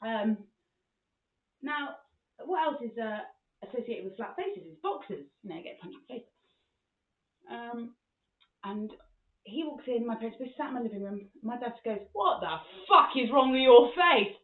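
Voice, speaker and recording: Pausing often, this woman speaks at normal speed in a slightly high voice. She hosts a podcast, telling comic stories in a frank, sweary monologue with animated retelling, and the audio is echoey and tinny, almost phone-like.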